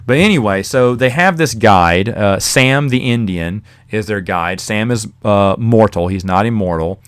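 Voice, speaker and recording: A man's voice: lowish voice, a little slow, smooth. A man hosting a podcast, casually reviewing a novel in a rambling, chatty way with fillers and the odd chuckle. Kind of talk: casual spoken book review.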